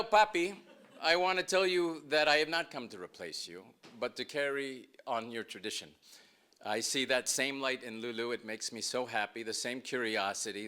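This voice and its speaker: A man's voice: medium pitch, bright, forceful tone. A middle-aged man speaking at a memorial gathering, recalling his father with emotion and laughter. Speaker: son giving a eulogy. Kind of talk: memorial speech.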